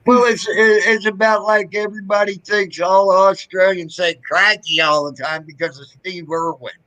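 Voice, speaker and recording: A man's voice: high voice, steady tone, moderate pace, fairly bright tone, rough recording. A man in casual chat, rambling and profane, restarting his sentences often.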